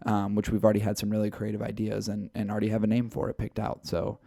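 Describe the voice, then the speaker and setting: A man's voice: lowish voice, completely flat delivery, quick pace, gravelly, warm tone, no room sound, studio quality. A man co-hosting a casual podcast, talking in a loose, rambling way with fillers. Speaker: podcast co-host.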